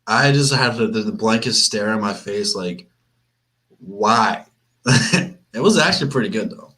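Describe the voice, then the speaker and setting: With a lowish, slightly bright voice, lively intonation and normal speed, a young sports stream host from Flint, Michigan chats through a live watch party. He's relaxed and talkative, rambling with frequent restarts and repeating himself.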